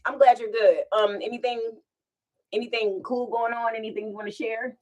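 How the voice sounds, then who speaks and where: Woman, casual storytime, rambling, animated, laughs a lot, at home. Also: a little high, normal speed. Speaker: vlogger.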